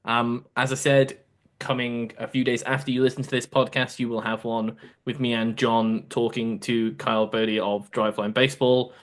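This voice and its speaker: A man's voice: mid-range voice, flat delivery, normal speed. A man hosting a casual podcast, easygoing as he steers segments and wraps up the show. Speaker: podcast host.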